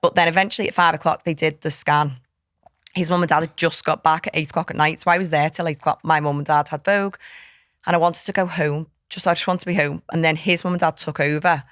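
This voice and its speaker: A woman's voice: sits low, fairly even intonation, fast, a bit bright, dry recording, studio quality. A woman, a podcast guest recounting a hard personal story in a heartfelt, tumbling way full of quoted dialogue. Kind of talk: candid personal storytelling in an interview.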